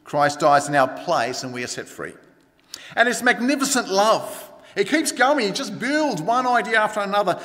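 A middle-aged pastor preaches in a high voice, chatty and direct, with asides to the congregation. The sound rings with the long reverb of a church hall. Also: male voice, sing-song, moderate pace, bright, forceful tone. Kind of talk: sermon.

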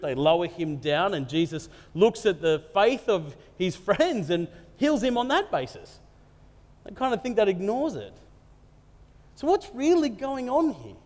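A man with a fairly high voice gives a humorous sermon, chatty and full of jokes as he tells the story. His voice rings with long reverb, as if it were picked up in a large hall. The delivery sounds casual rather than formal. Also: a little mellow. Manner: conversational, jokey and storytelling. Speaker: preacher.

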